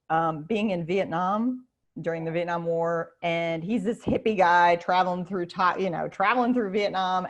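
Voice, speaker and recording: Over a video call, a female professor fields teachers' questions in a casual online Q&A. She's talkative and lively, full of fillers and false starts, and her voice sits fairly low.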